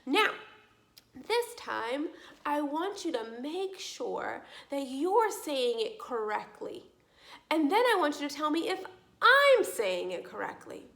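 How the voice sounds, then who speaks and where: A young adult woman giving a children's speech lesson, speaking slowly and clearly with encouraging questions. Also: high voice. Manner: slow, clearly articulated, encouraging teacher talk with lively questions. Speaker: speech therapy teacher.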